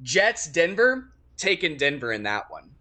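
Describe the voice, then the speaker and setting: A man's voice: on the high side, big pitch swings, measured pace, sharp tone. A young man co-hosting a casual sports chat, teasing and swearing freely as he makes his picks. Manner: profane, wry and teasing. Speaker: podcast co-host making picks.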